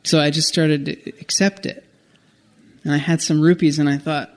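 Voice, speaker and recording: A man telling a personal travel story in a rambling, self-correcting, animated way. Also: on the high side, measured pace, gravelly, long pauses.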